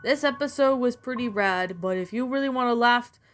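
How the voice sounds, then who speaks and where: A woman's voice: fairly high pitch, moderate pace, over music, natural voice. A woman voicing a smug male devil with a British accent.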